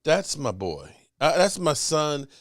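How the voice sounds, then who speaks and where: A middle-aged man hosting a casual sports talk show on a desk mic, rambling and chatty, giving shout-outs to viewers. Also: a little high, big pitch swings, takes it slowly, dry recording, clean studio sound. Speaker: podcast host. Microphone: desk microphone.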